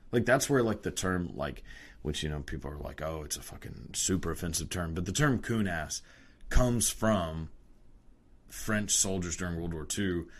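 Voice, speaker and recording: Young adult man, very low voice, profane casual rant, lots of "like" and restarts. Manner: crude, profane, rambling with many fillers.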